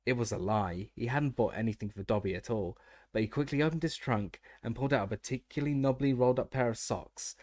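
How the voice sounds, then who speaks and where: A man's voice: medium pitch, fast talker, a little mellow. A man reading an audiobook aloud, often stumbling over words and restarting. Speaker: audiobook narrator.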